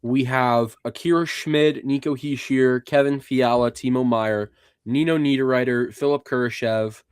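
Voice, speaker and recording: A young man co-hosting a sports podcast in casual chat, running through rosters in an even, methodical way. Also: mid-range voice, a little slow, clear, resonant tone, no echo, studio quality. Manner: lists players in an even, methodical way. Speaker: podcast co-host.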